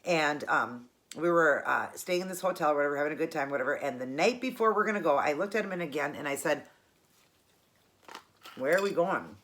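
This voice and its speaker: A woman's voice: low-pitched, animated, quick pace, hardly any pauses, fairly bright tone. A woman hosting her own channel, telling a personal story in a chatty, rambling way and correcting herself as she goes. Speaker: cooking channel host.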